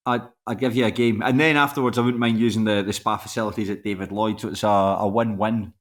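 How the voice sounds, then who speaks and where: A man's voice: on the low side, fairly even intonation, quick pace. A man from Scotland hosting a casual interview, asking questions with plenty of stumbling restarts. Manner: stammering restarts, friendly questions. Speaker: podcast host.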